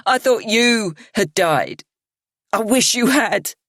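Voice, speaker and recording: A woman reading an audiobook voices a bitter, grieving young woman who drawls slowly and breaks into higher-pitched whispers. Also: expressive, slightly rough, no echo, clean studio sound, exaggerated voice. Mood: accusing. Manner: slow drawling, whispered and shrill.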